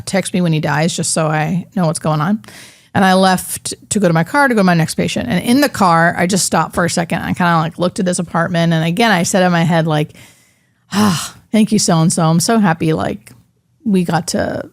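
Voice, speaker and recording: A middle-aged woman, a hospice nurse, telling a personal story in an interview, halting and emotional, with many fillers. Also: on the low side, gravelly, no echo, studio quality.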